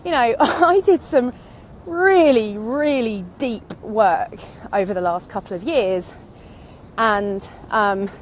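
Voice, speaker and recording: A woman in her thirties who vlogs about online business walks outdoors, slightly out of breath, delivering a casual, reflective monologue. Her mid-range voice comes with a little hiss or hum, and she's candid and rambling, going off on tangents.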